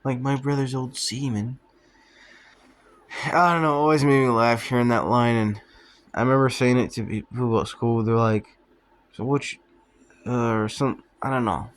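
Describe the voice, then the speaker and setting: A man's voice: mid-range voice, moderate pace, smooth. A young man telling childhood stories in a loose, rambling, profane way, often laughing at himself. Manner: profane, offhand, laughs at his own stories. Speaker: vlogger. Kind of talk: rambling casual storytelling.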